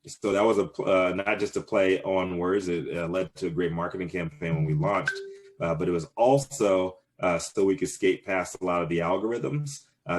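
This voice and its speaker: A man in his thirties answering interview questions casually, rambling with many fillers and restarts. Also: deep voice. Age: 30s. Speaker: cannabis business owner, guest.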